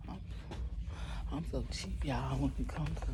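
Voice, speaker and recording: A woman in her thirties, an expecting first-time mom, chatting casually and rambling straight to her viewers in a vlog. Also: very deep voice. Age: 30s. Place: out shopping and walking to her car, then in the car. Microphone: handheld phone. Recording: outdoor phone recording with traffic noise.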